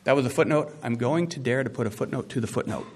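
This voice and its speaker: A man preaching a sermon, animated and conversational, with asides and emphatic rising peaks. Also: mid-range voice, quick pace, breathy edge. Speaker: pastor.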